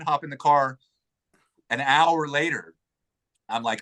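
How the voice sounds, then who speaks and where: A man's voice: medium pitch, unhurried, long pauses, pushed and bright. A man telling a personal story in a casual interview, getting emotional, swearing freely and acting out what people said.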